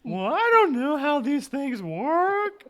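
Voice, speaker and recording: A game master voicing the timid ghost of a murdered young woman in a tabletop game, with a high, wavering, drawn-out wail. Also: big pitch swings, fairly bright tone, heavily acted. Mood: timid, ghostly.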